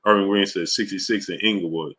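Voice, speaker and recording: Deep-voiced, bright New York man. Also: steady tone, fast talker. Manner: slangy, reads out viewer names and greets them. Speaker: livestream host. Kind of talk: casual livestream chat.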